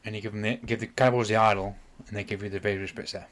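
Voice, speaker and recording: A man's voice: fairly low pitch, steady tone, very fast, a bit bright. A man, casually retelling a game's plot on a podcast, rambling and apologizing as he goes. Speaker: podcast host. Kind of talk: casual chat.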